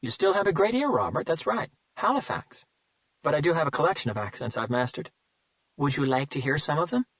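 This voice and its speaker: A man voicing a cool, refined serial killer who talks in a smooth, self-satisfied, lecturing way. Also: on the high side, sing-song, brisk, fairly bright tone, no echo, pitched above the performer's own voice. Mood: smug.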